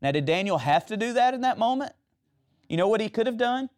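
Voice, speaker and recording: A man's voice: sits high, lively intonation, fairly quick, darkish tone. A man preaching a sermon, retelling Bible stories and asking the audience questions.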